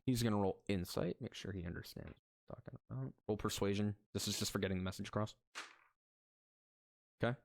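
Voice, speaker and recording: A man's voice: fairly low pitch, fast talker, gravelly, darkish tone, no echo, clean studio sound. A man narrating as game master, talking loosely with many fillers and restarts.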